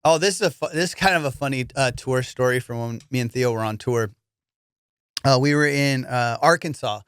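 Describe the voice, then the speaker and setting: Comedian guy rambling through stories, swearing a lot, smooth clear voice, dry close mic. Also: medium pitch, brisk, fairly bright tone, no echo. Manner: loose, profane, lots of dude and fillers. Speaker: comedian podcast host. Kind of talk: casual storytelling chat.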